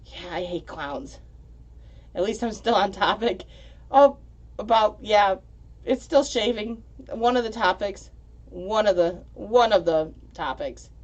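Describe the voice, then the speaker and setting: A woman's voice: mid-range voice, a little slow, darkish tone. A woman hosting a casual livestream from home, rambling and giggly, often tripping over her words as she reads the chat. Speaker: livestream host reading chat.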